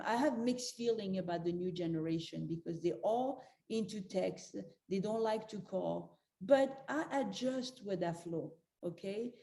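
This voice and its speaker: Older woman, mellow warm voice, earnest motivational coaching, repeats her advice, echoey room. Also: medium pitch. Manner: earnest, repeats key advice, speaks directly to listeners. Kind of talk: motivational talk. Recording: roomy echo.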